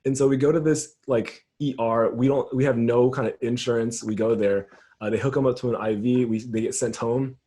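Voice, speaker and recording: A man's voice: medium pitch, fairly even intonation, a little fast, dark tone. A young adult man, a youth pastor, telling a story in a casual round-table chat, acting out the dialogue and laughing often.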